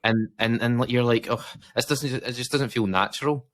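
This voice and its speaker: A man's voice: medium pitch, moderate pace, a bit bright, no echo. A Scottish man co-hosting a casual podcast chat, rambling and self-mocking with lots of fillers and restarts. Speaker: podcast co-host.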